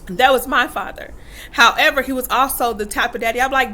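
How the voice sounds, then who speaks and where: Speaking casually to the camera, this vlogger and mother in her thirties shares parenting stories candidly, emphatic and performing the quoted lines. Her voice is on the high side, bright and forceful, and she talks fairly quickly.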